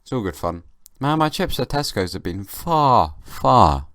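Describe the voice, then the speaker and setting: A young man hosting a casual solo podcast, sleepy and just woken, musing in a rambling, deadpan comic way. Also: mid-range voice, measured pace, no room sound, studio quality. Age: young adult. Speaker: podcast host. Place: at home, downstairs.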